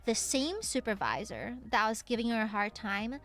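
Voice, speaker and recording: A woman streamer chatting casually, her high voice leaping all over as she tells an animated story and swears freely. Soft music plays faintly behind her. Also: normal speed. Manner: swears casually, lots of fillers.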